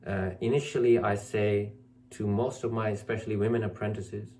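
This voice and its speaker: A spiritual teacher gives a scolding, preachy talk to camera, his slightly mellow voice moving little in pitch at a moderate pace. He repeats himself for emphasis and ridicules excuses with a whiny high voice, and the recording carries a little hiss or hum.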